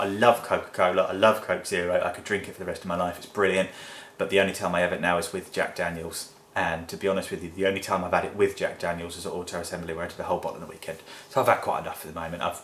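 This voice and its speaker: A man from England answers viewer questions in a loose, chatty vlog, blunt and quick to swear. His voice sits on the low side. The room has a noticeable echo. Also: fairly bright tone, slight background noise. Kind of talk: casual Q&A vlog. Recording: echoey room.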